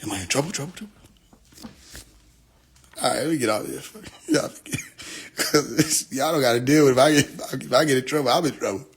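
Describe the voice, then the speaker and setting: A man hosting a casual livestream, joking and laughing often, swearing freely, and swinging between loud outbursts and quiet mutters into his phone. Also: mid-range voice, lively intonation, fairly quick, long pauses, husky. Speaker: livestream host.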